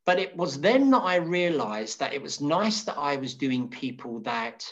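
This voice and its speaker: A man's voice: measured pace, lo-fi sound. Guy in his middle years, a hairdresser, chatting away with lots of ums, does little voices for people in his stories. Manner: animated, acts out quoted voices with sudden high pitch; rambling, many restarts and fillers. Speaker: hairdresser, interview guest. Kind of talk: casual storytelling.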